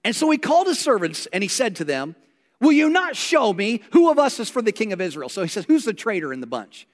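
Animated high-voiced preacher in a reverberant hall. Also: male voice, a little fast. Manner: animated storytelling preacher, acts out quoted lines. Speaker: pastor. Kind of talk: sermon. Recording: long reverb of a large hall.

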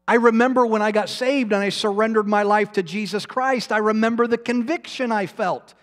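A man's voice: high-pitched, a little fast, few pauses. A man preaching a sermon as pastor, emphatic and self-deprecating with bits of humor. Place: church sanctuary. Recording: long reverb in a hall.

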